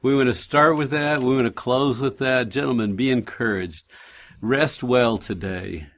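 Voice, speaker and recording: A man hosting a faith radio show, gently encouraging listeners and telling stories in a calm, reassuring way. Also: mid-range voice, moderate pace. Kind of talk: encouraging faith talk and storytelling.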